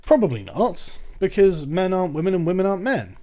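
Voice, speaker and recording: A man's voice: high-pitched, sing-song, fairly quick, warm tone. A young English man giving casual, sarcastic commentary on an article he reads out, swearing and laughing now and then. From England. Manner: sarcastic, swearing, breaks into mocking put-on voices and laughs. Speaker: commentary channel host.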